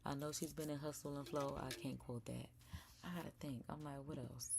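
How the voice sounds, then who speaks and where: A young woman hosting a casual live stream from home, chatting to viewers as y'all and sometimes dropping to a soft whisper. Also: deep voice, fairly even intonation, fairly quick, vocal fry, very noisy. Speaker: live-stream react host. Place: indoors at home.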